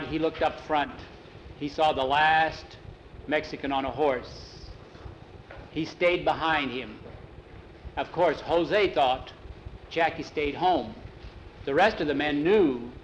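A man with a slightly high voice tells a story aloud, plain and unhurried. Faint noise sits under his voice. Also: highs cut off. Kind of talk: oral storytelling.

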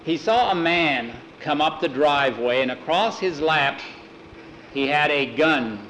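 A man telling a story aloud, his voice slightly high and the narration plain and unhurried. He acts out the characters' talk himself, with faint noise in the background. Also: expressive, a bit bright, roomy sound, poor audio. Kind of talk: oral storytelling.

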